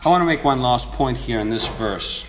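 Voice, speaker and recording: A man's voice: mid-range voice, expressive, moderate pace. A man preaching a sermon, explaining scripture earnestly and building to emphatic points. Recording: echoey room with faint noise.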